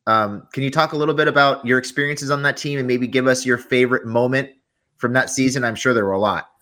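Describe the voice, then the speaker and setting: A man with a mid-range voice hosts a casual interview and asks questions in a relaxed way. He pauses on "um" now and then as he works out his questions. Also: mid-range voice. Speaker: podcast host.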